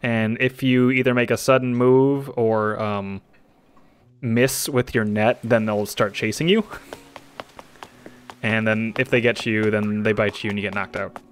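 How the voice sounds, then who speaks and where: A woman's voice: very deep voice, fairly even intonation, a little slow, clean tone. A woman streaming a video game, chatting casually, laughing easily and explaining how the game works. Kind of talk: casual chat while gaming.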